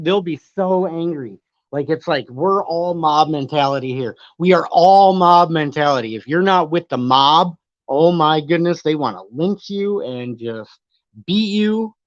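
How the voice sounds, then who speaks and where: A man with a fairly high voice speaks at a measured pace with no echo while hosting a stream. Reading chat aloud, he rambles, argues and occasionally swears, and the sound has a dull, lo-fi quality.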